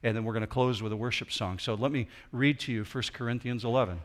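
A man's voice: mid-range voice, quick pace. Man preaching a sermon. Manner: preaching with swings between loud emphasis and quiet intensity. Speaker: pastor. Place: church auditorium.

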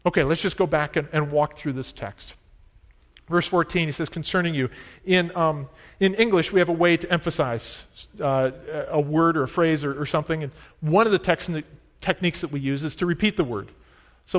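Man, pastor; casual sermon delivery, animated when quoting scripture, church hall echo. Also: fairly high pitch, fairly quick. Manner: conversational teaching, voices Paul's words with rising emphasis. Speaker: preacher. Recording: long hall reverb.

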